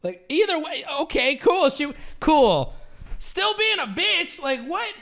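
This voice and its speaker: A man's voice: very high voice, sing-song, takes it slowly, vocal fry, fairly bright tone. A man streaming live, ranting angrily with heavy swearing and exasperation. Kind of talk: angry live-stream rant.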